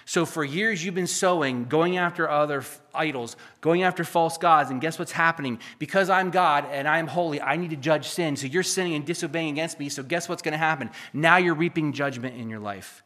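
A man delivering a sermon from the pulpit, his fairly high voice swinging between emphatic, almost shouted peaks and hushed, confiding asides. He preaches directly at his listeners, pressing each point home. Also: fairly quick, few pauses. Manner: preachy, rises to near-shouting then drops to a hush. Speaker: pastor.

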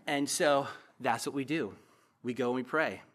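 A middle-aged man preaching a sermon as a pastor in a church, passionate, with loud emphatic bursts and quiet asides. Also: medium pitch, moderate pace.

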